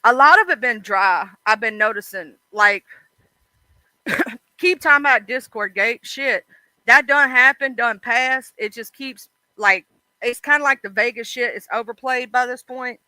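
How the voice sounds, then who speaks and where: A woman's voice: a little high, a little slow, bright, forceful tone, no echo, low-quality recording. A woman hosting a casual livestream, chatting bluntly about online drama and swearing freely. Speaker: livestream host.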